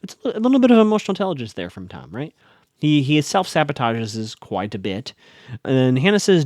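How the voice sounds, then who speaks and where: A man hosting a solo podcast, recapping a TV episode in casual, animated talk with fillers, restarts and blunt asides. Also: mid-range voice, brisk, no echo, studio quality.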